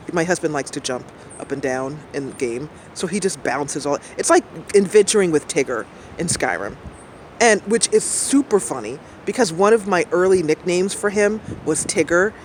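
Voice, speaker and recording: A woman's voice: low voice, slight background noise. A middle-aged woman streamer chatting casually and rambling, laughing often as she talks. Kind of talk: casual chat. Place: outdoors.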